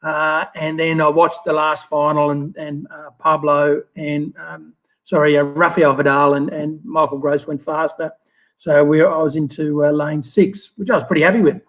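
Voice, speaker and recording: A man's voice: fairly high pitch, normal speed, poor audio. Australian man in his fifties, rambling. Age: 50s. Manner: relaxed, rambling, frequent fillers and restarts. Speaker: guest, former Olympic swimmer. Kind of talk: casual interview storytelling.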